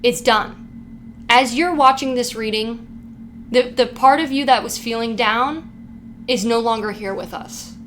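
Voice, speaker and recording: A woman's voice: on the high side, a bit bright, a little hiss or hum. A woman giving a casual pick-a-card tarot reading, hyped up and swearing freely, with "like" in almost every sentence. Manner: hyped, profane, heavy use of "like". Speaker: tarot reader.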